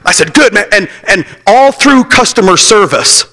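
A middle-aged man preaching an impassioned sermon to young people, shouting and telling stories. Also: high-pitched, lively intonation, brisk, few pauses. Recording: long reverb of a large hall.

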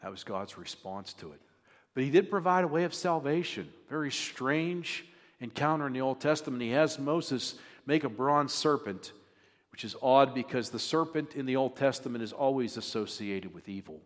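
A man's voice: mid-range voice, lively intonation, moderate pace, long reverb tail. A male pastor giving a sermon in a conversational, joking manner. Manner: conversational, jokes with the congregation.

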